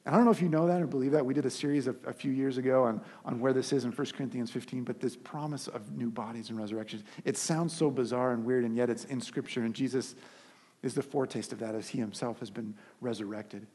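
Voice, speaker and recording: Husky-voiced male preacher. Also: mid-range voice, fast. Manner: animated storytelling with frequent restarts. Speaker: pastor. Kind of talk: sermon.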